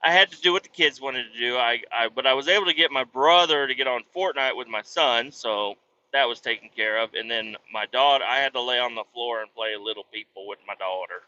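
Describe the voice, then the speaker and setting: A man in his thirties casually telling stories about his kids and his work, animated and swearing freely. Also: mid-range voice, brisk. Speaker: vlogger, truck driver. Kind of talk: casual storytelling vlog. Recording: dull lo-fi sound.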